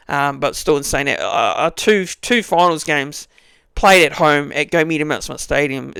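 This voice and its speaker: A man's voice: a little high, fairly bright tone, smooth, no room sound. A young man giving a casual fan review, rambling with many restarts and fillers. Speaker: fan channel host.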